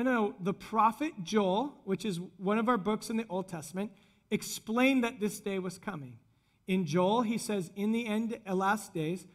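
High-voiced conversational male pastor. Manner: conversational, animated when retelling scenes. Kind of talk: sermon.

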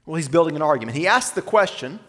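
A male pastor preaches a sermon in a high voice, and the sound rings in a long, reverberant hall. He asks his listeners rhetorical questions and slows down to read scripture aloud. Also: expressive, fairly bright tone.

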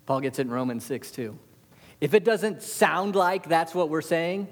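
Animated male preacher in a reverberant hall. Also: fairly high pitch, moderate pace. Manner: animated, rhetorical questions to the congregation. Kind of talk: sermon.

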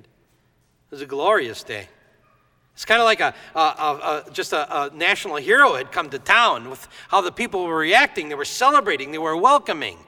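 Bright-voiced male preacher in a reverberant hall. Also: a little high. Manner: lively storytelling, acts out quoted voices. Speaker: pastor. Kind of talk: sermon.

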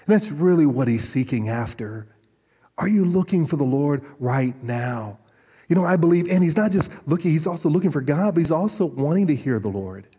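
A man pastor preaching a sermon, animated and storytelling, often restarting his sentences. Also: a little high, brisk, husky. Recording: long reverb of a large hall.

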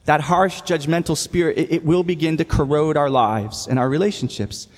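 A man's voice: a little high, moderate pace, a little mellow, long reverb tail. A man preaching a sermon as a pastor, earnest and reading scripture aloud with emphasis.

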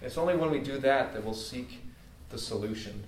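A man's voice: mid-range voice, moderate pace, slight background noise. A man preaching a casual, heartfelt sermon in an everyday way, with many fillers. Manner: earnest, informal, many fillers. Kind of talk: conversational sermon. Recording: echoey room, mic at a distance.

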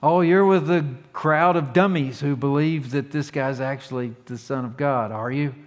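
A man's voice: mid-range voice, moderate pace, big-room sound, lightly acted. A man voicing a scornful Pharisee who mocks his listeners as dummies, in a condescending tone. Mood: sneering. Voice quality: mocking, condescending. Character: sneering scornful Pharisee man, haughty religious leader.

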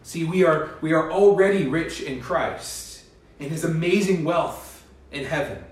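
A man's voice: on the high side, unhurried. A male pastor preaching a sermon in an earnest, emphatic manner, with rising bursts. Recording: echoey hall, distant mic.

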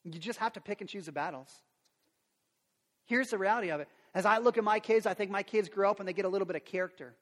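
A middle-aged man preaching a sermon as a pastor, animated, acting out quotes and sound effects. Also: sits high, quick pace. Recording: long reverb of a large hall.

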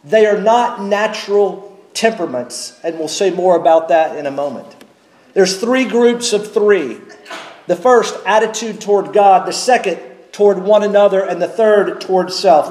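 A man preaching a sermon from the pulpit, measured and emphatic, slowing down to stress key words. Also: high voice, darkish tone, echoey room, low-quality recording. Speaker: pastor. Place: church sanctuary.

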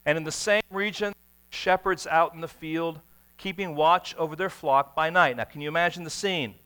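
A man preaching in a bright, forceful voice that sits a little high for a man. He tells his stories dramatically, dropping to a hush and then bursting into a shout. A faint mains hum runs underneath. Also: normal speed, clean tone. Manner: dramatic storytelling, swings from hushed to shouting. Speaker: pastor. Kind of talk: sermon.

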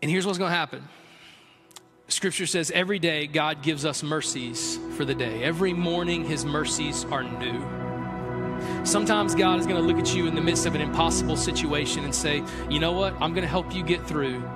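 A man preaching a sermon in a casual, conversational way, sometimes building into lively, excited storytelling. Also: a little high, moderate pace, in a large hall, loud music behind the voice. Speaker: pastor.

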